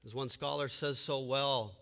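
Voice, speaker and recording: A man's voice: medium pitch, fairly even intonation, unhurried, creaky, fairly bright tone, long reverb tail. A man preaching a sermon with emphatic delivery and repeated rhetorical questions. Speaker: pastor.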